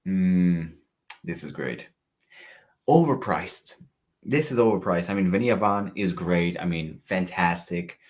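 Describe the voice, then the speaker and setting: Very low-voiced man reviewing fragrances. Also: unhurried. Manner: chatty, reads live chat comments aloud. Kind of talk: casual livestream review.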